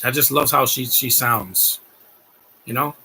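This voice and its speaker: Gravelly, gushing male live streamer. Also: mid-range voice, unhurried, sharp tone. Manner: gushing, rambling, talks to chat. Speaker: live streamer reacting to a film. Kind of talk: casual live-stream commentary.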